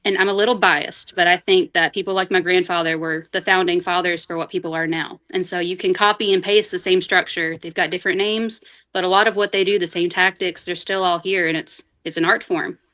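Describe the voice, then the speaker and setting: A woman guest on a chat show, telling family stories in a casual, animated way and laughing often. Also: fairly low pitch, fairly quick. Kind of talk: casual storytelling.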